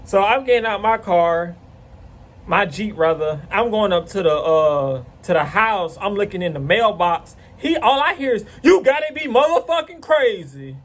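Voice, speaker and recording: A man's voice: high voice, normal speed. A man casually telling a rambling, profane story to camera. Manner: rambling, profane, animated retelling.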